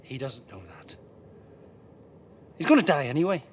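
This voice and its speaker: A man playing a desperate, volatile interrogator who shouts and swears at himself. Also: fairly high pitch, very animated, normal speed, husky. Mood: grim. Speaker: frustrated interrogator. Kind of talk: indie film acting.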